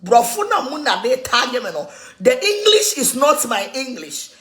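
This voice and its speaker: A woman with a Ghanaian accent in an animated, mocking rant, laughing mid-sentence and switching between languages. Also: high voice, normal speed.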